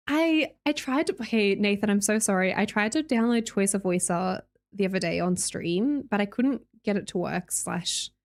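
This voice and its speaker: Brief: young Australian woman, lively up-and-down voice, a bit high, chatty streamer who laughs a lot. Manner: chatty, laughs often, reads chat aloud. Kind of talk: casual chat with live chat readers.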